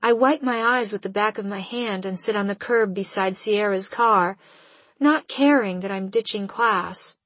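A woman reading a first-person audiobook in a measured storytelling way. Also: medium pitch, a bit bright, no echo. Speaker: audiobook narrator.

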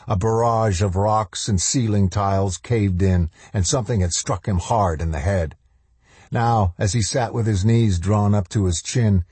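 Deep, husky male audiobook narrator. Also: dark tone, dry recording. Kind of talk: scripted narration of a novel.

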